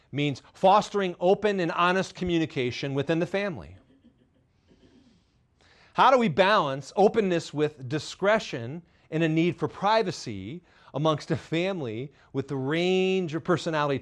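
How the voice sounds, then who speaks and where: Expressive man giving a live talk. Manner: expressive, swings from loud and high to soft and low; candid and self-deprecating, with light humor. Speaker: presenter of a parenting and faith talk series. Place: radio studio with live audience.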